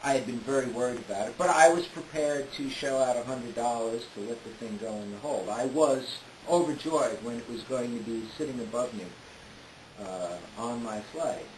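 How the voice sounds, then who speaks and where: A man telling a detailed first-person story in an unhurried way, often pausing on "uh". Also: mid-range voice, darkish tone. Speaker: storyteller recounting a trip. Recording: roomy with faint hiss.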